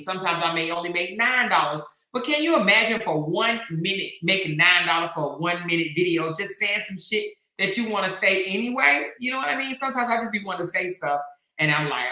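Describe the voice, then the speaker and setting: A woman's voice: on the low side, animated, brisk, sharp tone, reverberant. A middle-aged woman hosting a casual live stream, chatty and slangy, reading viewer comments aloud. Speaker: host.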